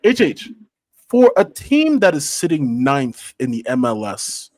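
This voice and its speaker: A man's voice: mid-range voice, huge pitch swings, unhurried, a little mellow, no room sound. A man giving blunt, laughing opinions as a panelist in a casual football chat.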